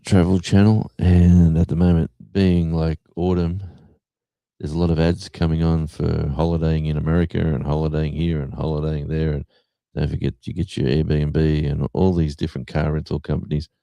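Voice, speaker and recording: A man's voice: a bass voice, little pitch movement, moderate pace, vocal fry, warm tone, no room sound. A middle-aged man hosting a livestream, chatting casually and rambling with lots of fillers. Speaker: livestream host.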